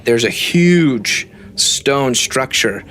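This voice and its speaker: A man's voice: mid-range voice, extremely slow, slight background noise. Laid-back male game master narrating. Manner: relaxed, hesitant, frequent fillers.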